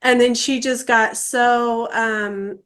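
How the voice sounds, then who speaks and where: A woman in her forties hosting an interview, chatting warmly about her own experience, with frequent "um" and "uh" fillers. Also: a little high, steady tone, slow. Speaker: interview host. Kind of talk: casual interview chat.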